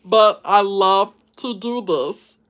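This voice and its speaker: A small, mischievous cartoon alien with a gruff, raspy rasp, put on by a woman. The voice sounds strained and scratchy, pushed from the throat. It has an impish, playful cheek throughout. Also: medium pitch, slow pace, close to an everyday voice. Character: gravelly little alien creature, mischievous.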